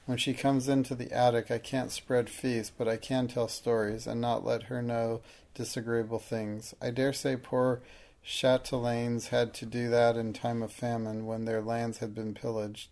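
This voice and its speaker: A man narrating an audiobook in a steady, measured reading. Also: medium pitch, vocal fry.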